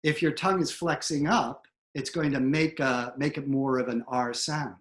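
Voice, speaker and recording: A man's voice: mid-range voice, fairly even intonation, normal speed, a bit bright. A middle-aged man, a theatre professor, explaining accent technique and breaking off to demonstrate sounds.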